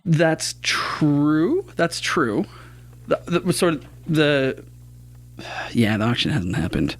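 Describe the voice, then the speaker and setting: A man's voice: a little high, sing-song, takes it slowly. A man running a tabletop game as game master, narrating earnestly. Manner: earnest, chokes up while narrating.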